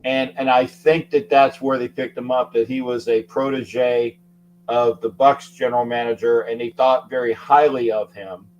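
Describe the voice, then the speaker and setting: A man hosting a casual sports talk show, rambling and repeating himself, getting loud when he makes a point. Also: mid-range voice, steady tone, normal speed, highs cut off. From Florida. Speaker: show host.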